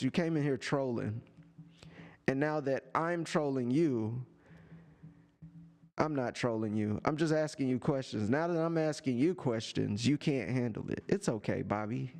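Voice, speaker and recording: A man live-streaming from a home setup with a desk microphone, talking to a chatter in a sarcastic, teasing rant full of drawn-out taunts. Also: medium pitch, gravelly, darkish tone. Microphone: desk microphone and headphones.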